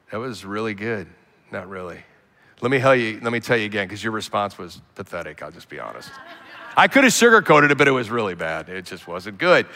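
A man preaching a sermon as a pastor, telling stories with animated emphasis and quiet asides. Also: medium pitch, moderate pace. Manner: animated storytelling, swinging between loud emphasis and quiet asides. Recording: long hall reverb.

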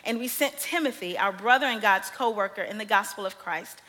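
A young woman preaching a sermon, telling stories with animated energy and frequent laughter. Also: medium pitch, brisk. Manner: animated storytelling, laughs often. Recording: long reverb of a large hall.

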